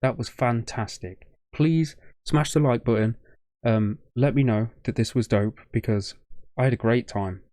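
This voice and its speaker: A man's voice: mid-range voice, measured pace, mellow, no room sound, studio quality. A young man hosting a reaction video, choked up with a shaking voice, rambling and stumbling over his words in casual commentary.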